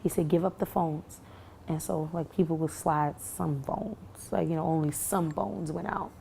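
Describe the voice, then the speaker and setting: A young woman tells her story in a low, gravelly voice with a dark tone. She talks haltingly, full of fillers and restarts, in a testimony given to camera. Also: fairly even intonation, slight background noise. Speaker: shooting survivor.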